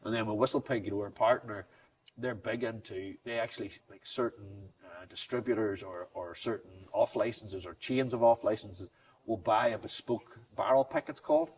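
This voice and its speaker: A man's voice: fairly low pitch, normal speed, darkish tone, slightly rough. A middle-aged man, chatting as an interview guest, rambling and enthusiastic with many restarts. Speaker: whiskey brand founder, guest. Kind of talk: casual interview chat. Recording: distant mic, faint background noise.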